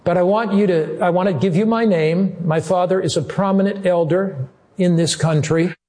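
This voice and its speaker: A despairing young woman caller speaks in a quiet, halting voice, weighed down by guilt. A male preacher voices her, barely changing his own voice. She sounds hopeless and low. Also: fairly even intonation, lightly acted.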